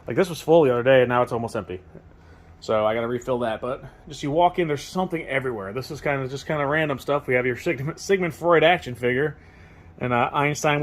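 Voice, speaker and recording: A man who owns a toy store, walking through it and talking casually and excitedly, often restarting his sentences. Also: medium pitch. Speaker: toy store owner giving a tour. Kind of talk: casual walkthrough tour.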